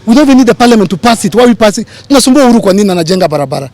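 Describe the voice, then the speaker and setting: A man's voice: high-pitched, big pitch swings, racing, a little mellow. A man with a Kenyan accent giving impassioned remarks to reporters, emphatic and pleading, repeating his appeals. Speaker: public figure addressing reporters.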